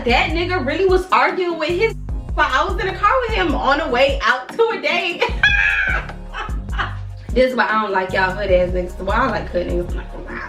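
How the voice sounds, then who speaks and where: A young woman in her twenties telling a storytime vlog in an animated, slangy, profane way. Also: a little high. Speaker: vlogger. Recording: echoey room from a distance, faint music.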